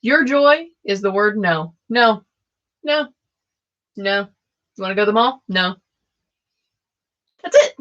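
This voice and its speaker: A woman's voice: mid-range voice, expressive, slow pace, long pauses, fairly bright tone. A woman, hosting a live tarot stream and chatting casually with viewers, laughing often. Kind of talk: casual live-stream chat with card readings. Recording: dull lo-fi stream audio.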